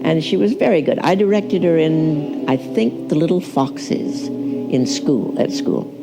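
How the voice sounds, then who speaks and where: Man, documentary interview, gravelly, slightly high, chatty, fillers and restarts, music underneath. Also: expressive, unhurried. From Texas, USA.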